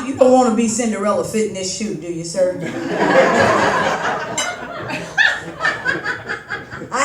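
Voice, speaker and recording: A woman comic doing a stand-up set on stage, telling rambling, self-mocking stories and acting out the dialogue. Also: medium pitch. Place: comedy club stage before a live audience. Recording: echoey room, mic some distance off, audience noise.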